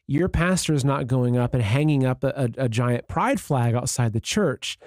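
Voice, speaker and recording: A man with a warm, mellow voice hosts an interview, chatting loosely with lots of fillers. The close, dry sound has almost no room echo. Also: medium pitch, expressive, moderate pace. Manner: conversational, with many fillers like "like" and "you know". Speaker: interview host. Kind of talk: casual interview talk.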